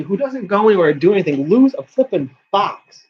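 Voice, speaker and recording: A man's voice: high voice, very animated, brisk, a little mellow, a little hiss or hum. Ranting, profane man on muffled audio. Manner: ranting, profane, self-mocking. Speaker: vlogger and college student. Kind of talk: casual rambling vlog.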